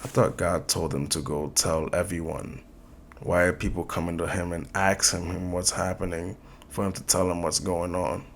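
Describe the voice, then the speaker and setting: Male reaction host, low voice, rapid-fire incredulous questions, casual commentary. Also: little pitch movement, creaky, a little hiss or hum.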